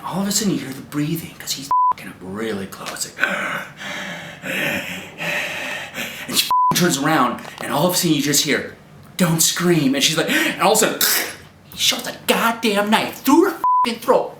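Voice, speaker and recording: Profane male movie reviewer, rambling and animated, recorded in a noisy, echoey house. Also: a little high. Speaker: movie reviewer, show host. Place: a friend's house at night. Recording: roomy home recording with noise.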